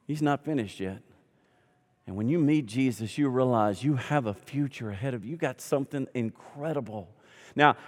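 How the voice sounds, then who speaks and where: Southern pastor preaching in a big hall. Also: male voice, medium pitch. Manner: swings from hushed to loud, emphatic preaching. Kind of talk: Easter sermon.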